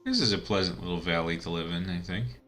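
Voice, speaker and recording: Deep-voiced man rambling over gameplay. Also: quick pace, pushed and bright, faint music behind. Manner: rambling, chatty, laughs at his own asides. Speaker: let's-play gamer. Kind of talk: casual gameplay commentary.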